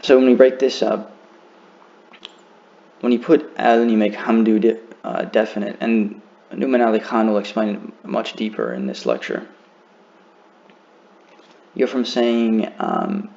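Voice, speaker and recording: Low gravelly man teaching patiently. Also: darkish tone, highs cut off. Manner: patient, explanatory, drawn-out example words. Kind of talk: beginner lesson on Quran recitation.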